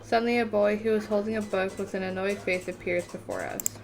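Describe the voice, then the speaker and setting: A woman's voice: mid-range voice, fairly even intonation, fairly quick, creaky, few pauses, slight background noise. A woman reading the text of a story game aloud in a casual let's-play manner, often tripping over words and correcting herself. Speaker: gamer reading a visual novel aloud.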